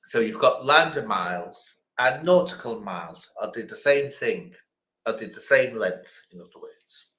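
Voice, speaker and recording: A man's voice: medium pitch, animated, measured pace, fairly bright tone, roomy sound. A man hosting a casual quiz stream, chatting and rambling between questions. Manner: chatty, rambling, chuckling asides. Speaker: quiz host.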